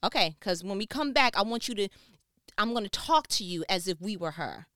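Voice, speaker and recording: Lively woman host, smooth dry voice. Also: medium pitch, brisk, dry recording. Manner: animated, playful, acts out quotes. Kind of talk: casual monologue commentary.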